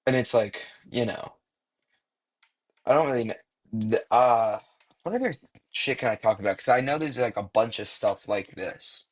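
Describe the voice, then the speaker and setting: A young man rambling through casual online commentary, swearing freely and filling pauses with "like" and "um.". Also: mid-range voice, expressive. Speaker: commentary YouTuber.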